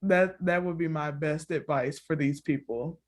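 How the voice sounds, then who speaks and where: Woman podcast co-host, casual storyteller, laughs a lot, acts out the quotes. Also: measured pace. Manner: animated storytelling, acts out quotes with big pitch jumps; laughs often, fills with "like" and "all the things". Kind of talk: casual chat recapping a reality show.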